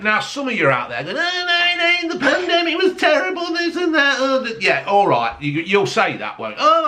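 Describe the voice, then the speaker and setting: A man's voice: a little high, sharp tone. Ranting, sweary man. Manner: angry, sweary rant. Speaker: vlogger. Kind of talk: ranting casual chat.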